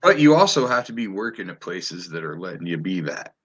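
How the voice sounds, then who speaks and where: A man's voice: sits low, very animated, fairly quick, a bit bright, breathy edge. A man hosting a podcast, chatting casually and animatedly, swearing freely and often restarting his sentences. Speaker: podcast host. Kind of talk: casual chat.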